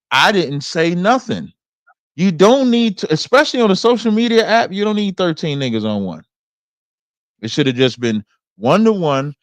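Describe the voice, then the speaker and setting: A man's voice: mid-range voice, dry recording. A man hosting an online show, giving casual commentary in a plain-spoken, emphatic, lecturing way. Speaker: host.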